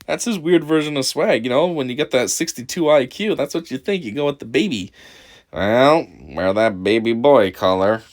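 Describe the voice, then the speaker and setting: A man's voice: mid-range voice, animated, moderate pace. A man giving crude, mocking reaction commentary on a video and laughing often. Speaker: commentary host.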